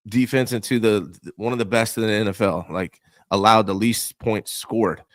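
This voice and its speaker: A man's voice: medium pitch, no echo, clean studio sound. A young man co-hosting a casual sports talk show, talking emphatically with casual slang and strong opinions. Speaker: co-host.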